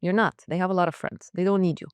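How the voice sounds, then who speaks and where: A woman's voice: lowish voice, fairly even intonation, very fast, clean tone, dry recording. A woman around sixty, a school leader answering interview questions in an emphatic, direct way with short punchy phrases. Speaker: school academic leader, guest.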